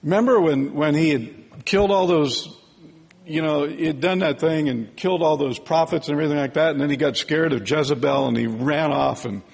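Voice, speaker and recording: A man teaching a sermon in a relaxed, conversational way, often checking in with "right?" and "okay?". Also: a little high, fairly quick, vocal fry, breathy edge, big-room sound.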